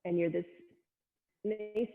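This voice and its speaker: A woman yoga instructor leads a family class with gentle, playful cues and little animal noises. She speaks slowly at a middling pitch. The sound is thin and phone-like, with a long reverb trailing behind. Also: fairly even intonation, faint music behind.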